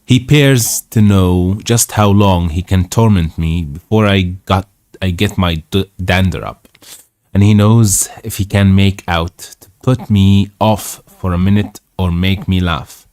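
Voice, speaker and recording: A man reading aloud the lines of a fretful, pious old aunt at a slow, careful pace. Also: deep voice, a little mellow, no echo. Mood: fretting.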